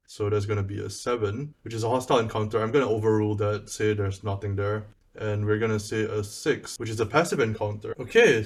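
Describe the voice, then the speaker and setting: A man narrating his solo tabletop game, thinking aloud as he rolls dice, with bursts of laughter. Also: lowish voice. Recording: voice a bit far from the mic, faint music behind.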